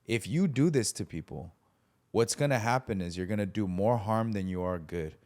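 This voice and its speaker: A man's voice: fairly low pitch, moderate pace. A man in casual conversation about faith, telling stories with animation and acting out the voices of people in them. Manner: animated storyteller, acts out voices in anecdotes.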